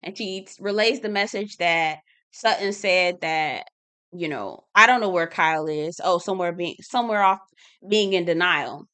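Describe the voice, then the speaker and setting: A woman with a bright, forceful voice runs a chatty recap. She is sassy and teasing and talks straight to her viewers. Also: fairly low pitch, normal speed, smooth. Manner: sassy, calls viewers "y'all" and "girl"; laughs and teases, animated. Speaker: reality TV recap host. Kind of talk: chatty commentary video.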